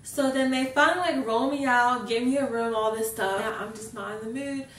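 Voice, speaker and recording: A woman's voice: a little high, brisk, a bit bright, recorded from a distance, slight background noise. Chatty young woman in an echoey room. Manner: chatty, fills sentences with "like". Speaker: vlogger. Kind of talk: casual storytelling. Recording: roomy echo, mic set back.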